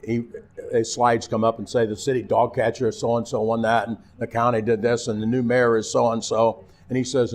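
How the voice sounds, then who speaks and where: An older man with a Midwestern American accent, a former TV weatherman, telling animated anecdotes as an interview guest. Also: mid-range voice, moderate pace. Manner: animated anecdotes, acting out quotes. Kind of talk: casual storytelling.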